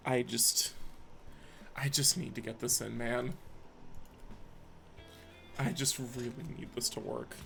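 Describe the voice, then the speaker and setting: A man's voice: medium pitch, flat delivery, slow pace, vocal fry, pauses often, a bit bright. A young man on a live stream who mutters to himself and swears often. He is stressed and frustrated while he builds something by hand. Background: faint background music.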